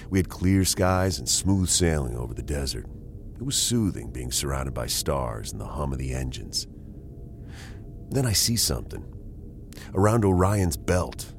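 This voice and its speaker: A man's voice: extremely low pitch, slight background noise. A man narrating a first-person paranormal story with a tense, dramatic delivery.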